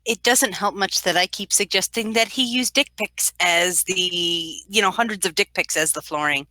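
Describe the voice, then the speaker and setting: Female co-host, lowish and unhurried, wry humor, dry close sound. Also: sharp tone, no room sound. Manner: wry, joking, reads listener questions. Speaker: podcast co-host reading questions. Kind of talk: casual podcast Q&A.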